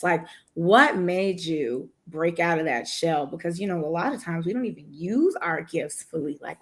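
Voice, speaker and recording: A woman hosting a virtual summit interview, enthusiastic and hyping up her guest on a video call. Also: on the low side. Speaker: host.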